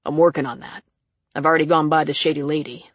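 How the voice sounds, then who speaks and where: A reader voicing a calm, gently probing male sheriff in an audiobook. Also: mid-range voice, fast talker, dry recording, natural voice. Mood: businesslike. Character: calm steady man, a rural sheriff. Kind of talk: audiobook character reading.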